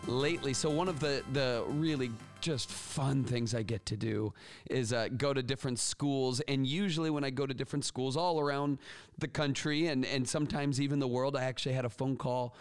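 A man hosting an education podcast, talking in an energetic, chatty way with frequent restarts. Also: mid-range voice, moderate pace, faint music behind. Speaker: podcast host. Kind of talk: casual podcast talk.

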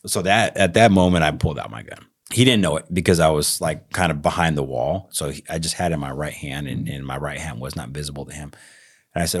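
A man with a Texas accent, co-hosting a podcast and telling a story in a casual, animated way, acting out the lines he quotes. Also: rumbling low, quick pace, husky. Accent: Texan. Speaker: podcast co-host.

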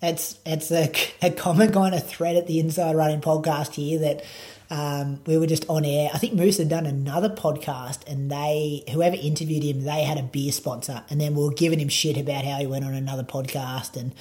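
Laid-back Australian man, mellow voice. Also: a little high, fairly even intonation, brisk. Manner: laid-back, rambling, lots of fillers. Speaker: podcast producer and running coach. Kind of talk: casual interview chat.

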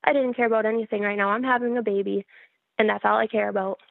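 A woman's voice: medium pitch, steady tone, quick pace, gravelly, dry recording. A woman frankly telling her own story in a casual interview, wry and laughing at herself. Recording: tinny phone-like line.

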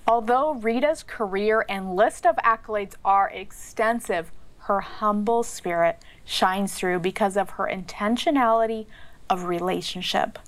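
A woman's voice: medium pitch, unhurried. A woman hosting a faith podcast, upbeat and affirming, with frequent laughs. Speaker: podcast host. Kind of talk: scripted intro and casual interview.

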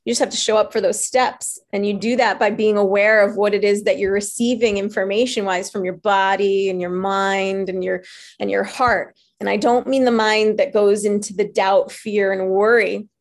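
A woman life coach giving a motivational talk, earnest and animated as she tells stories. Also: medium pitch, normal speed.

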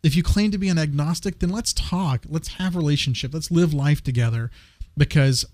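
A man's voice: a little high, fairly quick, darkish tone, dry recording. A man co-hosting a casual faith talk, speaking enthusiastically and often restarting his sentences. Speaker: co-host.

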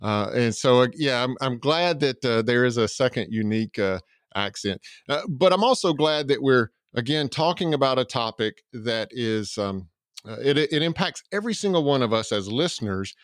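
Clean studio sound with no room echo captures a Georgia-born man's Southern US accent, his mid-range voice lively and at normal speed. He hosts a podcast interview with promotional enthusiasm and plenty of filler words.

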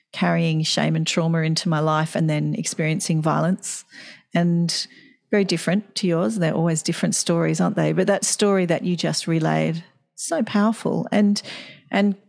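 A woman's voice: lowish voice, creaky, darkish tone. A woman hosting a conversational interview, asking reflective, thoughtful questions. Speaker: host.

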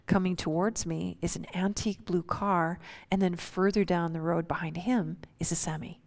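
A woman's voice: on the low side, steady tone, normal speed, a little mellow. A woman telling a personal story in a vivid, suspenseful, conversational way.

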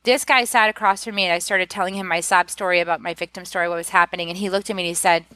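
A woman's voice: on the low side, steady tone, very fast, bright, forceful tone, dry recording. A woman guest and author speaking openly and confidingly, with many fillers, as she shares her personal story. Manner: open and confiding, many "like" fillers, acts out quoted voices.

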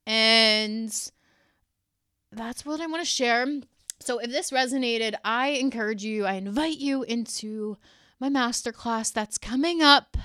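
A woman's voice: on the high side, takes it slowly, fairly bright tone, smooth, dry recording, clean studio sound. A woman hosting a solo podcast episode, speaking to listeners in an earnest, emotional, encouraging way. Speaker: podcast host and energy coach.

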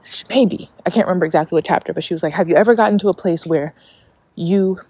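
A woman's voice: on the low side, a little mellow. A woman hosting a casual spiritual podcast, talking in a chatty way with lots of fillers and frequent swearing. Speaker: podcast host.

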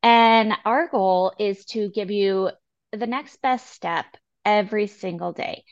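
A woman co-hosting a casual health podcast, talking in an earnest, encouraging way and quoting people in quick asides. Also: mid-range voice, dull audio. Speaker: podcast co-host.

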